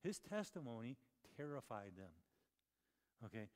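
A man's voice: mid-range voice, expressive, normal speed, a little mellow. A man preaching a conversational sermon, chatty and full of rhetorical questions and self-corrections. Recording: long reverb of a large hall.

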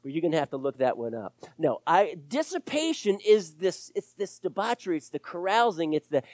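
Lively, animated male preacher. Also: fairly high pitch, brisk, few pauses, no echo. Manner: animated preaching, rising and falling loudness. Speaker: pastor. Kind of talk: sermon.

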